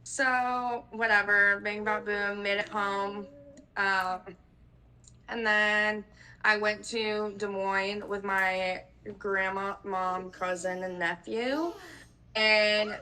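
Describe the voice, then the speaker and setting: A woman's voice: mid-range voice, flat delivery, takes it slowly, sharp tone, poor audio. A woman in her twenties co-hosting a podcast, telling stories in a casual, rambling way, full of "like" and casual swearing. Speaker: podcast co-host. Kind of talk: casual chat.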